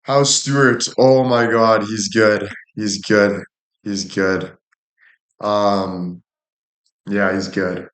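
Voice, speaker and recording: In an echoey room, a male livestreamer talks extremely slowly in a fairly low, steady voice during a casual stream. He cracks jokes, swears liberally and gives shout-outs to viewers by name.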